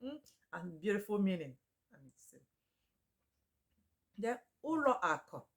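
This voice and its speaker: A woman teaching names in a casual chat, repeating each one slowly and laughing often. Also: mid-range voice, sing-song. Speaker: Igbo language teacher. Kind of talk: casual spoken lesson.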